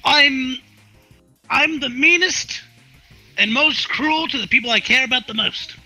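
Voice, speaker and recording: A man with an unusually high voice, very bright and sharp-edged, rambles through casual stories on a headset mic and repeats words as he talks. Faint music sits underneath the conversation. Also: a little slow, no room sound, low-quality recording. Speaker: interview guest, streamer. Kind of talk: casual chat. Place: online virtual world session.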